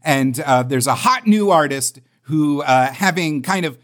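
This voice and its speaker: A man co-hosting a casual comics podcast, telling stories with jokes and quick put-on voices. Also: fairly high pitch. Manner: joking, animated storytelling with quoted voices. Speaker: podcast co-host.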